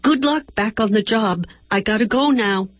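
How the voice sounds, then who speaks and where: A woman reading aloud and voicing a college-age daughter who talks quickly and insistently on the phone. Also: mid-range voice, dry recording, muffled recording, voice pushed up, close to an everyday voice. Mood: eager, impatient.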